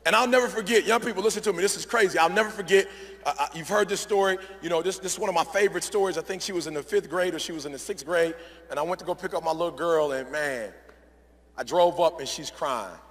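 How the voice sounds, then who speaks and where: Male motivational speaker, gravelly and high, emphatic and repetitive, large echoey hall. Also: quick pace, a bit bright. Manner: emphatic, repetitive, addresses crowd often. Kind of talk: motivational speech to a live audience.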